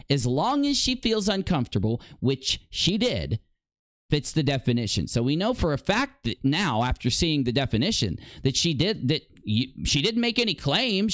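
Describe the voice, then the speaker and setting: A man's voice: a little high, a bit bright, dry recording, studio quality. A man hosting an online commentary video, confronting his opponent directly in a mocking, combative way. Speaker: commentary host.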